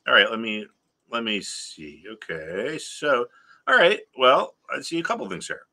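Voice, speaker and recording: Animated middle-aged man ranting. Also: mid-range voice, a little slow. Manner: exasperated storytelling, lively and animated. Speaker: stock trading educator. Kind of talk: casual ranting vlog and trading lesson.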